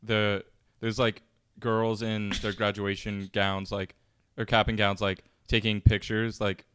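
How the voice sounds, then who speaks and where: A man's voice: lowish voice, little pitch movement, unhurried, fairly bright tone, a little hiss or hum. A young man co-hosting a podcast, chatting casually and rambling with lots of fillers and self-mocking jokes. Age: young adult. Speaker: podcast co-host. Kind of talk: casual chat.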